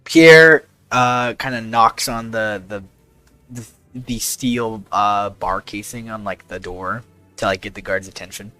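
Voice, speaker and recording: Tabletop player, man, bright and animated. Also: lowish voice, a little slow, soft background music. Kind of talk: casual tabletop game chat.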